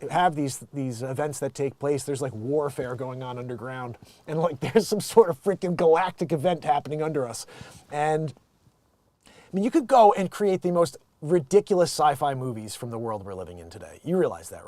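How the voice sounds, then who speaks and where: Here the Connecticut host, middle-aged, rants comically with sarcasm and swearing, slipping into bits along the way. He speaks at normal speed in a slightly high, dark, animated voice, recorded with no echo.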